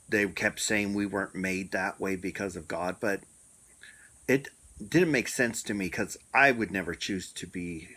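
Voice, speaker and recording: A middle-aged man telling a personal story in a reflective, unhurried way, pausing often. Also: fairly low pitch, a bit bright. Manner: unhurried, reflective, with many pauses and fillers. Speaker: storyteller sharing a personal experience.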